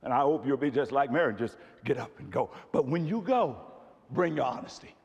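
A male pastor preaching a sermon, moving from quiet storytelling into shouted, emphatic passages. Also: mid-range voice, animated, a little fast, gravelly, muffled recording. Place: church sanctuary. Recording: long reverb of a church hall.

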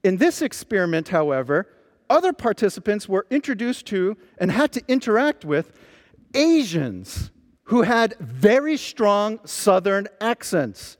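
A man preaching a sermon, telling stories with lively emphasis as a pastor. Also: sits high, unhurried, big-room sound. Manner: animated storytelling preacher.

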